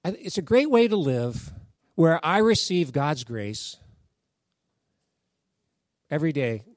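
A man's voice: fairly high pitch, very animated, takes it slowly, a little mellow, no room sound, clean studio sound. A man preaching a sermon as pastor, telling stories in a conversational way and acting out the voices of the people in them. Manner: conversational storytelling, acts out quoted voices. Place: church sanctuary.

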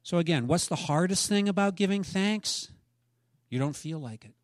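A middle-aged man preaching a sermon as pastor, rising to emphatic peaks and then dropping soft. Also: sits high, animated, normal speed, no echo.

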